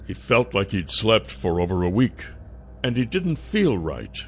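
A man's voice: lowish voice, big pitch swings, unhurried, a bit bright, a little hiss or hum. A man narrating a fantasy audiobook with dramatic storytelling.

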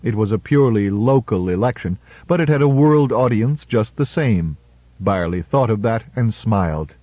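A man narrating a story in a measured, dramatic audiobook reading. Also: on the low side, lively intonation, no room sound. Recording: slightly muffled audiobook recording.

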